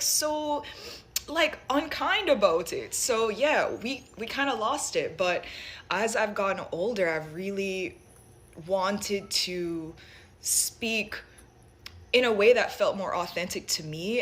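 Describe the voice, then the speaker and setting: A woman's voice: medium pitch, a bit bright. A young woman from Jamaica with a light Jamaican accent blended with American, musing thoughtfully with many fillers and restarts. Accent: light Jamaican mixed with American. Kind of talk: personal reflective monologue.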